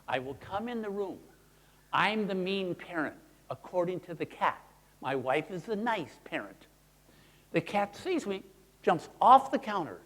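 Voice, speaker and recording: A man leads a teaching seminar and acts out his points in little character voices. His voice sits a bit high for a man and swoops widely from phrase to phrase. A long echo from the hall trails each sentence. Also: measured pace. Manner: animated, acts out examples in voices. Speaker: seminar presenter. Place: presentation room.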